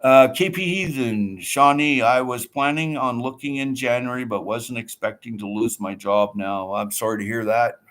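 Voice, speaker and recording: A man's voice: medium pitch, moderate pace, hardly any pauses, a bit bright. A man hosting a casual livestream, reading out viewer comments and chatting back in an easygoing way. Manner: chatty, reads out viewer comments and answers them.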